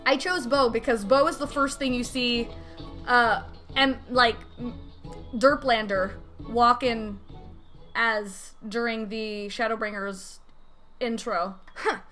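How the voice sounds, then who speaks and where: A woman's voice: on the high side, steady tone, slow, fairly bright tone, soft background music. A woman streaming a game, chatting casually with a giggly, self-deprecating manner. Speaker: let's play streamer. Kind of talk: casual gameplay commentary.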